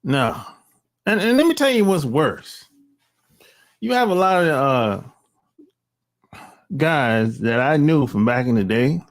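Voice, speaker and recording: A middle-aged man gives a blunt, unscripted opinion monologue, full of slang and swearing. He talks slowly and pauses often, sighing and restarting his sentences. His pitch sits a little high and swings widely. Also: expressive. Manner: rambling, blunt, with slang and profanity; frequent sighs and restarts. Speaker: channel host.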